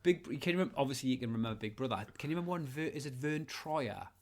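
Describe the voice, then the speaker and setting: Joking sweary podcast host. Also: male voice, mid-range voice, animated, fast. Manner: joking, sweary, laughs often. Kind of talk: casual banter.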